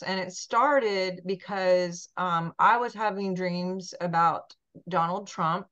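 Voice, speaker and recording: A woman hosts a podcast with a slightly low voice, chatty and gushing, filling gaps with ums. The sound is dull and lo-fi, as from a video call. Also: fairly even intonation, takes it slowly, fairly bright tone. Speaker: podcast host. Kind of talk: casual chat.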